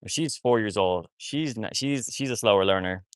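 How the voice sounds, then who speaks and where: This man rescues wolfdogs and talks to his livestream audience as he handles them, drifting from point to point, repeating things and often abandoning sentences halfway. He speaks at a moderate pace in a lowish register, switching to gentle, cooing tones for the dogs. The audio is dry and of studio quality.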